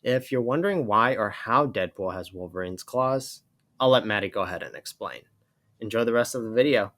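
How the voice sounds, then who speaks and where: A man narrating a comic book story with a steady, even reading. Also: lowish voice, a little fast.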